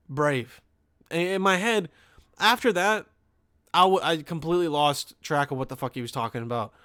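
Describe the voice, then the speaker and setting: A man's voice: fairly high pitch, no echo, clean studio sound. Profane young man telling a story. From Pennsylvania. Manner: profane, rambling, animated storytelling. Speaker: podcast host. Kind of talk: comedic storytelling.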